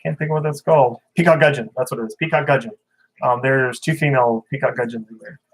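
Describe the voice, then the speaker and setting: A man's voice: medium pitch, steady tone, fast talker, low-quality recording. Casual male streamer, chatty and rambling, mid-range voice. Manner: rambling, chatty, reads viewer comments. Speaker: fish-keeping livestreamer. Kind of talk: casual livestream chat.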